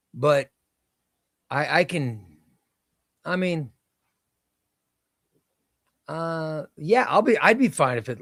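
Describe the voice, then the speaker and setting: A man's voice: on the high side, fairly bright tone, dry recording. Rambling man hosting a comics livestream. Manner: rambling, restarts sentences, reads chat comments aloud. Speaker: comic book livestream host. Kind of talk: casual live-stream chat. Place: home room.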